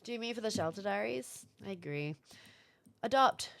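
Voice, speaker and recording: A woman's voice: medium pitch, lively intonation, moderate pace, gravelly. A woman streamer in casual livestream chat, rambling along, laughing often and thanking viewers. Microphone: streaming setup with camera.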